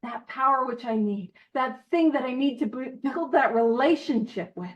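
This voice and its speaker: Woman, guest speaker, high voice, jokey and tangent-prone, dull lo-fi audio. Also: moderate pace. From Canada. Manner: lively, jokey, goes off on tangents. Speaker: guest speaker at a recovery study meeting. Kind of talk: casual recovery talk.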